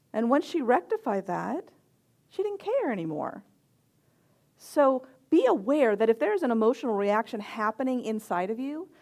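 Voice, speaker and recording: A middle-aged woman minister giving a sermon, telling stories softly and acting out the people she quotes. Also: fairly high pitch. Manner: gentle storytelling with quoted voices and soft pauses.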